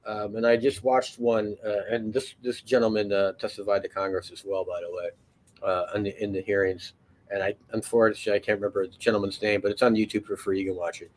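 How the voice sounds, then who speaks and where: A man's voice: on the low side, level tone, quick pace. A man telling a long story in a casual, rambling way, full of fillers, restarts and swearing. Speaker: podcast host.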